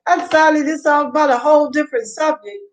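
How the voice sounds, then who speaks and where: A woman's voice: high voice, steady tone, quick pace, low-quality recording. A woman chatting loosely to viewers in a casual livestream, rambling from topic to topic and laughing often. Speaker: vlogger.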